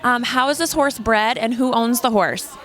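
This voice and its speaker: Upbeat female event interviewer, bubbly, encouraging, slightly high voice. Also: moderate pace, fairly bright tone.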